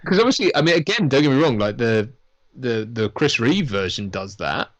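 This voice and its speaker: A man's voice: medium pitch, very animated, normal speed. A man casually chatting through a film watch-along, rambling and swearing, laughing often. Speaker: podcast co-host. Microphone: lavalier.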